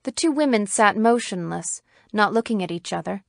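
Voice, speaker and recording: A woman narrating a classic short story as an audiobook reader, in a measured, even storytelling manner. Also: medium pitch, creaky, no echo, clean studio sound. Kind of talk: scripted narration.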